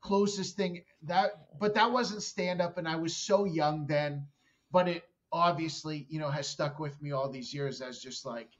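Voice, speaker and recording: A man's voice: a little high, measured pace, dull audio. A man guesting on a podcast, telling a story bluntly and with plenty of swearing. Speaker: comedian guest. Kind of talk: casual podcast chat.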